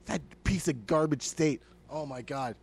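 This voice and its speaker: A man's voice: a little high, a little slow, vocal fry, breathy edge. A man from New Jersey co-hosting a comedy podcast, swearing freely and ranting in exasperated disbelief. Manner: profane, rants with exasperated disbelief. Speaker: podcast co-host. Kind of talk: casual comedic chat.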